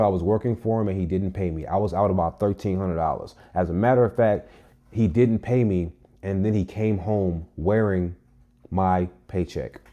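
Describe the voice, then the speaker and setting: A young man with a low, warm, mellow voice tells a personal story straight to camera. He delivers it in a casual, animated way, punching key lines with emphasis and plenty of cursing. It sounds like an everyday vlog monologue. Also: dull audio. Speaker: vlogger.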